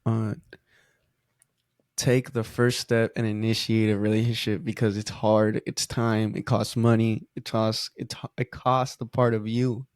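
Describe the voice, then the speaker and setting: Flat-voiced man, halting podcast talk. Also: on the low side, no room sound, clean studio sound. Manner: halting, many restarts, tells parables. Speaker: podcast co-host. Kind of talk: casual heartfelt conversation.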